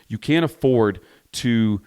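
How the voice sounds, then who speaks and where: A man's voice: mid-range voice, slow pace, a little mellow, clean tone. A man hosting a podcast for contractors, giving a blunt, emphatic motivational talk, stacking repeated phrases and swearing freely. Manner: drives points home with repeated parallel phrases. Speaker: podcast host and contractor coach. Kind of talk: motivational monologue.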